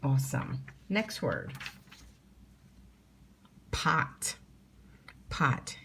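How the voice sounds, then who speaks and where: A woman's voice: low-pitched, very animated, very slow, fairly bright tone, slight background noise. A middle-aged woman teacher leading a phonics spelling lesson for young children at home, patiently sounding out letters and words.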